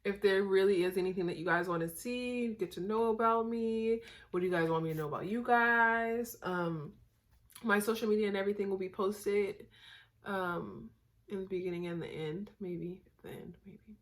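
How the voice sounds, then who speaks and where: A woman's voice: mid-range voice, normal speed. A young woman from Northern California, chatting casually to her camera, rambling with lots of fillers and a tired, goofy manner. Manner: goofy and tired late at night. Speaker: vlogger.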